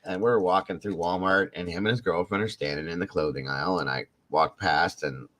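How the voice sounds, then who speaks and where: Male host, lowish voice, loose and chatty storyteller, laughs easily, swears casually. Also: brisk, a bit bright.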